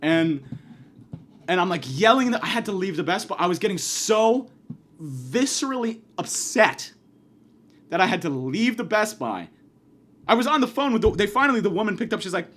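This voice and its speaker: A man's voice: high-pitched, animated, a little fast, a bit bright. A man doing a comedic monologue, ranting angrily and profanely, acting out the people he quotes.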